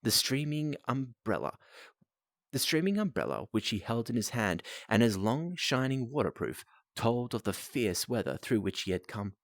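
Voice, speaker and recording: A man's voice: fairly low pitch, dry recording, clean studio sound. A man reading a novel aloud on a live stream, breaking off for casual asides to viewers and restarting lines.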